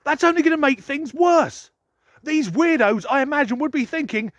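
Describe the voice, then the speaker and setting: A sardonic man in a sweary comic rant, his pitch swinging widely with mock disbelief. His voice sits fairly high for a man. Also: lively intonation, normal speed, no room sound, studio quality. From United Kingdom. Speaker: comedy vlogger.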